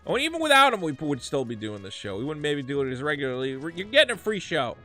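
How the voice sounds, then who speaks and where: A man's voice: a little high, fast talker, faint music behind. A man streaming a video game, chatting casually and ranting with a lot of swearing. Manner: profane, ranting, animated. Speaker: streamer and podcast host. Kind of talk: casual gameplay commentary.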